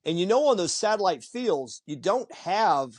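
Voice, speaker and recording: Brief animated storytelling man, high voice. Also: moderate pace, dry recording, studio quality. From Virginia Beach, US. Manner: animated storyteller who acts out quoted voices. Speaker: podcast host. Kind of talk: casual conversation.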